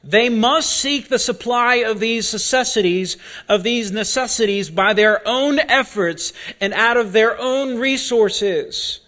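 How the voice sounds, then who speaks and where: Preaching in a fairly high voice with a bright, forceful tone, a man delivers his sermon slowly and deliberately. He frequently repeats key words for emphasis.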